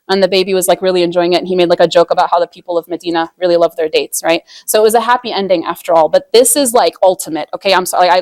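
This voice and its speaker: A woman's voice: medium pitch, no echo. Chatty woman teaching on marriage, dry sound. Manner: chatty, frequent "like", acts out quoted voices. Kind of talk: casual religious lesson.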